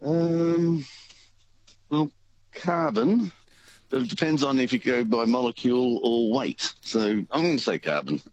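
An easygoing middle-aged Australian man talking on a radio show, halting and filling pauses with ums. His voice sits at an ordinary middle pitch. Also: a little mellow, lo-fi sound, slight background noise. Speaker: caller and station volunteer. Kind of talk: talkback radio chat.

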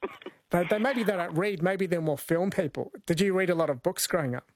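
A man's voice: high voice, fairly quick, dry recording. A man hosting a late-night radio quiz in a friendly, chatty way, laughing easily.

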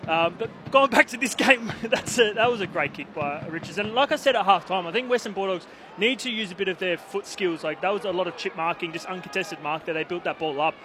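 A man's voice: high-pitched, a little fast, sharp tone. A man with an Australian accent, a former player doing casual sports commentary and laughing through his stories. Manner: laughing, chatty storytelling.

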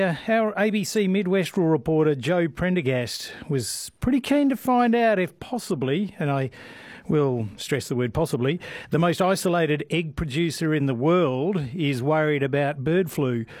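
An Australian man with a fairly high voice presents on rural radio. He reads figures and introduces a report with brisk newsreader delivery. The sound is dry. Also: expressive, a little mellow, no echo. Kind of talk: reading results and introducing a report.

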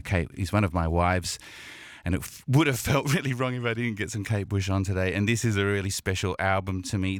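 A man's voice: medium pitch, a bit bright, no room sound, studio quality. A man presenting a radio show, chatting between songs in an effusive, emotional way with fillers and laughter. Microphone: studio microphone.

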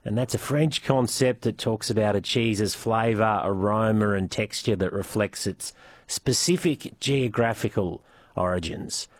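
A man's voice: fairly low pitch, a little slow, no room sound, clean studio sound. A man hosting a rural radio show, asking questions conversationally and wrapping up the program. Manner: conversational, asks long questions. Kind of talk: radio interview and show wrap-up.

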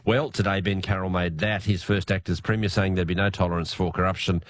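Male Australian radio host, low voice, hoarse, loose chatty delivery. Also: fairly quick, dry recording. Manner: relaxed, chatty with fillers. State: hoarse, unwell voice. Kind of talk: late-night radio news talk.

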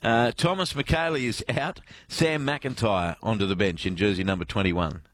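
A man's voice: fairly low pitch, normal speed. An Australian man hosting sports radio, bantering with his co-hosts and reading listener texts aloud.

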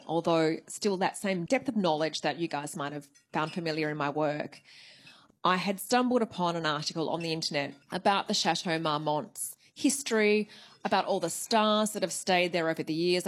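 Low-voiced woman novelist talking shop. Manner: thoughtful, conversational storytelling. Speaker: novelist guest. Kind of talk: interview answers.

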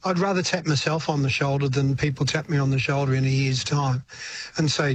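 An older man with an Australian accent speaks as a guest on a radio show. His voice sits a bit higher than usual, and he talks in a loose, relaxed way, laughing softly and circling back on his words. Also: fairly quick, slight background noise. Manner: relaxed, chuckling, hesitant restarts. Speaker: interview guest, singer. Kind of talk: casual radio interview chat.

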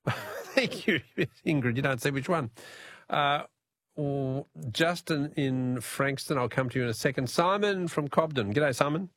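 A man's voice: on the high side, a little slow, fairly bright tone, no room sound. A man with an Australian accent hosting a casual talkback radio quiz, chuckling as he reads out listener messages.

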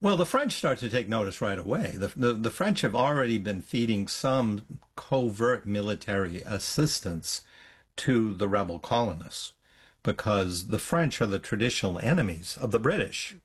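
Animated, husky-voiced male history professor. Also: lowish voice, moderate pace. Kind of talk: explanatory interview answers.

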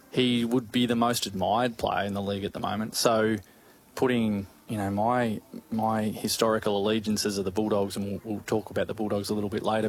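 An Australian man co-hosting a sports radio show, chatting casually in a rambling, jokey way with many halting restarts. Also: lowish voice. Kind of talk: casual chat.

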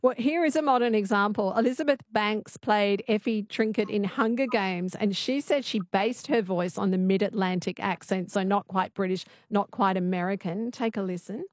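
Radio host, dry studio. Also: female voice, mid-range voice, moderate pace, few pauses, no echo. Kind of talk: radio interview.

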